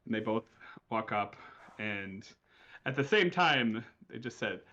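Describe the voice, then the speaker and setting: A man's voice: fairly low pitch, lively intonation, a little slow, bright, forceful tone, dull audio. Hesitant male game master. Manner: hesitant, many fillers while improvising. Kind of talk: narrating a tabletop game.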